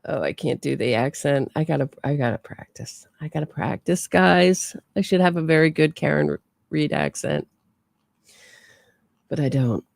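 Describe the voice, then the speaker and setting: Chatty woman host with a gravelly voice. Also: low voice, big pitch swings, moderate pace, a little mellow, dry recording. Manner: chatty, talks to her chat viewers. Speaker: true crime podcast host. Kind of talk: casual livestream commentary.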